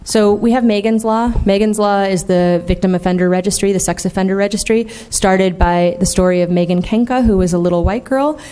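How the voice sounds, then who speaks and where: A woman's voice: mid-range voice, steady tone, a little fast, few pauses, dark tone, clean tone. A woman speaking candidly and emphatically as a conference plenary speaker, peppering her talk with "like" and "right?". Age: adult, in the field twenty years. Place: conference hall.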